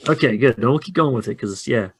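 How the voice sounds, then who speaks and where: A man casually running a two-player tabletop game, chatty and quick to laugh. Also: mid-range voice, expressive, slightly rough. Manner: chatty, laughs often, loose. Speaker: game facilitator. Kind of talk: casual actual-play chat.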